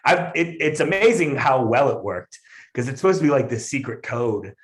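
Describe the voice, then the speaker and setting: Animated male comedian telling a story. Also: mid-range voice, moderate pace. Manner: animated, lots of fillers and restarts. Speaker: comedian guest. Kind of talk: casual podcast storytelling.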